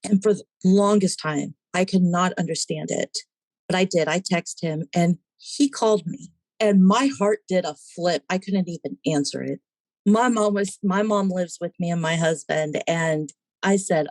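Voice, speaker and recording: A woman's voice: fairly low pitch, moderate pace, darkish tone, no room sound. A woman, a podcast guest, telling her personal story in a casual interview and animatedly acting out the voices in it.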